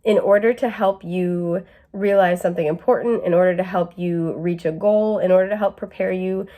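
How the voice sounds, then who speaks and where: A woman's voice: fairly low pitch, steady tone, normal speed, phone-quality sound. A young woman giving a casual tarot and astrology reading, chatty with lots of fillers and an occasional cough. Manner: chatty, many fillers, asides to camera. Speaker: tarot reader.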